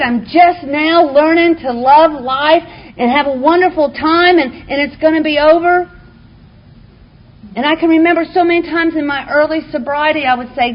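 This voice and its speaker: A woman with a high-pitched voice, speaking at a moderate pace, shares her recovery story with a live audience in a meeting room. Her testimony is candid and heartfelt, with flashes of wry humor. The recording is muffled and lo-fi, with a faint hiss.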